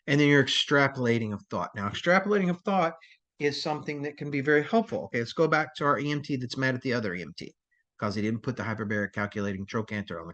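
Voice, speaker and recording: A man's voice: medium pitch, a bit bright, dull audio. A man teaching a crisis response training lecture in a rambling, conversational way, with many fillers and restarts.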